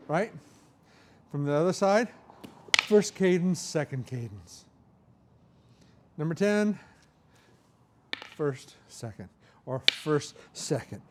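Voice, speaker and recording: A man's voice: on the high side, background noise. A middle-aged man teaching a martial arts seminar, talking through each move as he demonstrates and checking in with "right?". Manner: talks through moves while demonstrating, frequent "right?" checks. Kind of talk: hands-on seminar instruction.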